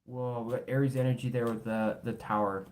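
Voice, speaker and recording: A man's voice: mid-range voice, level tone, brisk, a little mellow, slight background noise. Tired, foul-mouthed man reading tarot. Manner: blunt, swears freely. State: tired, voice cracking. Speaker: tarot reader.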